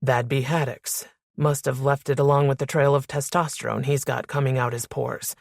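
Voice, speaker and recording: Female narrator playing gruff terse man, low, gravelly, muted. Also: fairly even intonation, moderate pace, a little mellow, no room sound, clean studio sound, full character voice.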